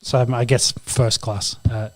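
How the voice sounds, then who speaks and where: A man's voice: medium pitch, little pitch movement, slow pace. Easygoing Australian man talking sport. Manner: easygoing, hesitant, many fillers. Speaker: podcast co-host. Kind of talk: casual sports chat.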